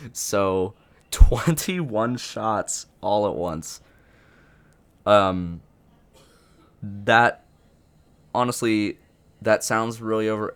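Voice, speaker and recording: A young man with a low, deep voice talks through his thoughts on a game update without a script. He rambles, stopping and restarting sentences and leaning on fillers as he goes. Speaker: gaming youtuber. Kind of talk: unscripted commentary.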